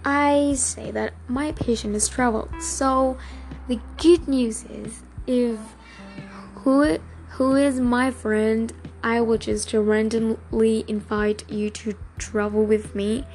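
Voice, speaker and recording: Slow, halting young woman podcaster. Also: a little high, fairly even intonation, darkish tone, soft background music. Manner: halting, with many fillers and restarts. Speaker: podcast host. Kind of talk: casual solo podcast chat.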